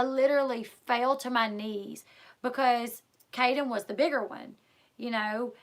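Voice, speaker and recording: A woman's voice: on the high side, steady tone, normal speed. A woman vlogger telling a personal story in a casual, rambling way, full of fillers. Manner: rambling, filler-heavy, lots of "like" and "um"; emotional, retelling a scare.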